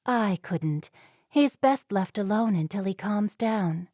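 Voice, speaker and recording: A woman voicing a kind young Amish woman in an audiobook, speaking softly and reassuringly. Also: medium pitch, lively intonation, slow pace, dry recording, clean studio sound. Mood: gentle.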